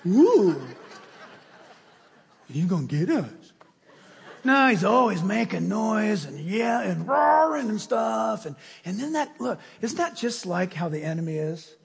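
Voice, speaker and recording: Animated, husky-voiced male pastor. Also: sits high, a little slow, hardly any pauses. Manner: animated storytelling, acting out scenes. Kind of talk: sermon. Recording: long reverb of a large hall.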